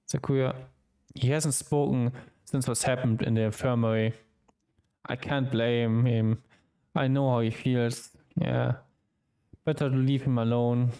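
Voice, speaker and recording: Slow-reading male streamer. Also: medium pitch, dark tone, clean tone. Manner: reads game dialogue aloud with quick asides. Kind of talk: reading a visual novel aloud.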